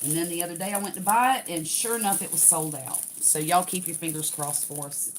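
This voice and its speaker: Chatty older woman, low voice. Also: brisk, a little hiss or hum. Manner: chatty, talks to viewers while unboxing. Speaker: craft livestream host. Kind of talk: casual livestream chat.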